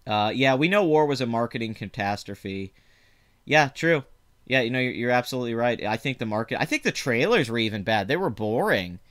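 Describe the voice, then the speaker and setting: Southern host with a touch of Louisiana twang, smooth resonant voice, rambling live chat. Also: male voice, medium pitch, a little fast. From Southern United States. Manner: rambling and animated, laughs easily, frequent restarts. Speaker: box office show host. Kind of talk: casual live chat about movie box office.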